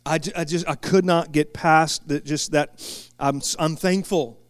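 A man preaching a sermon with passion, moving from quiet asides to shouted peaks and often stumbling into restarts. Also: a little high, steady tone, measured pace, clean tone, dry recording. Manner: impassioned, swings from quiet asides to shouted climaxes; frequent stammered restarts. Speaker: pastor.

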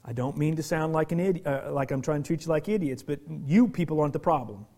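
A man preaching a sermon as pastor, animated, moving from quiet confiding talk to shouted emphasis. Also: fairly high pitch, quick pace.

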